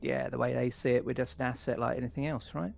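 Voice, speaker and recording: A man's voice: medium pitch, steady tone, quick pace, vocal fry, slight background noise. A man voicing a friendly, talkative male crew member with an upbeat, sociable manner. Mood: chatty.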